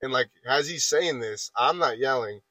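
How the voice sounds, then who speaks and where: A man in his twenties recounts a workplace argument in loose, rambling podcast chat. His voice sits at an ordinary middle pitch. The sound is dry and close, with little room echo. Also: normal speed, sharp tone. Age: 20s. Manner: rambling, repeats filler phrases and restarts while retelling an argument. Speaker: podcast guest telling a story. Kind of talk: casual storytelling chat.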